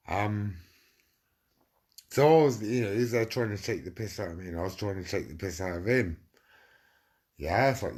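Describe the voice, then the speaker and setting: Man, middle-aged, low voice, casual swearing anecdote, lots of "i said". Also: moderate pace, pauses often, a little mellow. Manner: swearing, acts out quotes with "I said". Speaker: storyteller.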